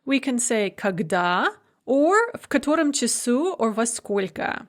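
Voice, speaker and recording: Woman, lecturer, somewhat high-pitched, methodical, deliberate modeled phrases. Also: very animated. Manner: clear, methodical explaining with slow modeled Russian phrases. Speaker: Russian language instructor. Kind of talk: recorded lecture.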